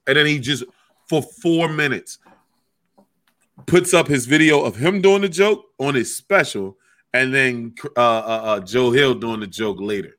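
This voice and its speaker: A man who is a stand-up comic, chatting casually and telling animated stories, swearing freely and acting out what people said. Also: medium pitch, normal speed. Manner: animated storyteller, swears freely, acts out quotes. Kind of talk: casual podcast chat.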